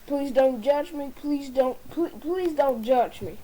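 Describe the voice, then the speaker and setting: A woman's voice: sits high, lively intonation, takes it slowly, warm tone, slight background noise, low-quality recording. A woman giving a comedic formal toast, often tripping over words and restarting them. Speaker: speaker giving a dinner toast.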